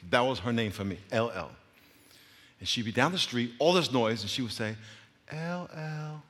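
A middle-aged man preaching a sermon full of stories. He shifts between loud bursts and quiet asides and laughs often. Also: mid-range voice, lively intonation, a little fast, breathy edge. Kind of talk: sermon with anecdotes. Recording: long reverb of a large hall.

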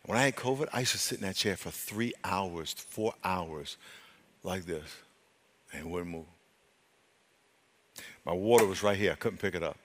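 A man preaching a sermon as pastor, moving between loud emphatic stretches and quiet, hushed talk, often restarting his phrases. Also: deep voice, normal speed, long pauses, a little hiss or hum. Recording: long hall reverb.

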